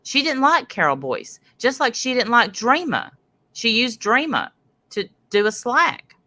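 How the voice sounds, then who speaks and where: Woman host, chatty and rambling, bright tone, dry close sound. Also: on the high side, big pitch swings, unhurried, dry recording. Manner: rambling, chatty, greets viewers in chat. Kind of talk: casual livestream commentary.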